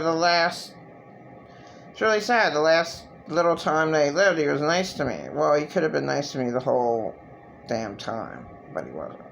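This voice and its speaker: Slow, gravelly-voiced woman vlogger. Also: sits low, dull audio. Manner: halting, restarts often, swears freely. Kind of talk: personal monologue.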